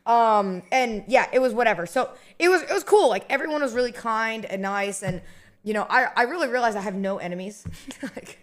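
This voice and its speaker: Woman streamer just yapping away, kinda high voice, loads of likes and you-knows. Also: animated, a little fast. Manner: rambling and chatty, many fillers and restarts. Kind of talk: casual chat.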